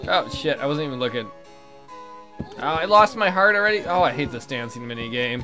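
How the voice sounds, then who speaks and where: Excitable, swearing young-sounding man gaming. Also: a little high, a little fast, faint music behind. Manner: swears a lot, excitable, sarcastic. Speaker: let's play gamer. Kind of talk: casual gameplay commentary.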